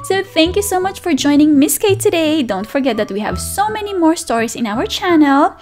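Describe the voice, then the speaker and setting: A woman teacher reading a picture book aloud to toddlers, animated and sing-song, with excited gasps and friendly questions to the children. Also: high-pitched, fairly quick, faint music behind. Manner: speaks directly to young children with questions and praise. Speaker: children's teacher and channel host. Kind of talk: read-aloud storytelling for toddlers.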